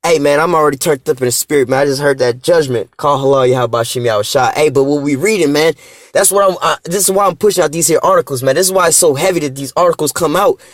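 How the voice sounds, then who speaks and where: Preachy guy ranting on his vlog, curses a lot, says "man" every line, talks real fast. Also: fairly high pitch, dry recording, clean studio sound. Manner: profane and repetitive, tags lines with "man"; preachy, scripture-quoting. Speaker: vlogger reading articles aloud. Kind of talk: casual spoken rant.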